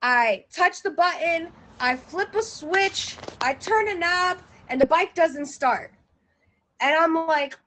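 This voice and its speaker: A woman telling a personal story in a lively, animated way, often laughing and acting out her own panic. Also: very high voice, slow pace, a little hiss or hum, low-quality recording.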